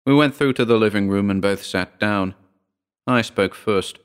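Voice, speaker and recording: A man reads a horror short story aloud in a measured, hushed way. His voice sits fairly low, and he keeps the telling calm and deliberate. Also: smooth. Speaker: narrator. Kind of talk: scripted horror story narration.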